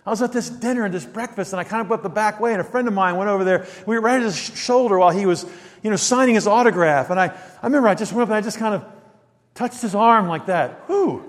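An older male pastor with a fairly high voice preaches in a relaxed, conversational way, slipping into little acted quotes as he tells a story. His voice carries a long reverb, as if filling a large hall. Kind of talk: sermon.

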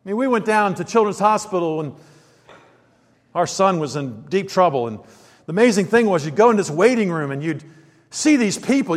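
Guy preaching a sermon, kinda high voice, goes quiet then gets loud and punchy, big echo of a hall. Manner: storytelling sermon that swings between hushed asides and loud rising emphasis. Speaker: pastor. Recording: long reverb of a large hall.

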